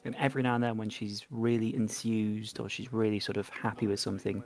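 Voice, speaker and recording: A man's voice: on the low side, level tone, brisk, a little mellow. An Englishman chatting casually with friends while they play, rambling and teasing. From England. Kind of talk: casual chat over a co-op game.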